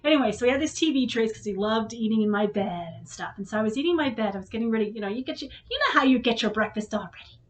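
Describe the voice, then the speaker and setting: Woman vlog host with a higher voice; candid, emotional storyteller who curses when worked up. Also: lively intonation, rapid-fire. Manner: emotional, frank, swears when upset. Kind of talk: candid storytelling to her son.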